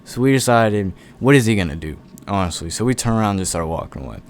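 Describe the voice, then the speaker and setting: A young man tells a rambling, profanity-laced story in a relaxed, offhand way. His voice sits a little low. A faint hum of ambience lingers behind him. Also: fast talker. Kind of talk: casual storytime.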